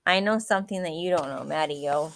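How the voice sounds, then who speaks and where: A woman's voice: fairly high pitch, brisk, slight background noise, pitched above the performer's own voice, lightly acted. A woman voicing a cheeky, stubborn little girl who teases in a singsong way, reading a storybook. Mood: taunting. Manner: singsong taunting.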